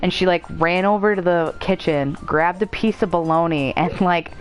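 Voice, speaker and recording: A woman's voice: on the low side, normal speed, rough recording. A young woman hosting a gaming stream in casual chat, giggling as she tells funny family stories. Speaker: gaming channel host. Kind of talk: casual chat over a game. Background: game music.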